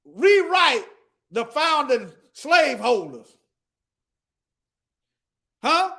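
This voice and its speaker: A man's voice: very high-pitched, very animated, extremely slow, gravelly, bright, forceful tone. A man teaching the Bible in an emphatic preaching style, reading scripture aloud and addressing his listeners directly. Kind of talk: preaching to an online audience.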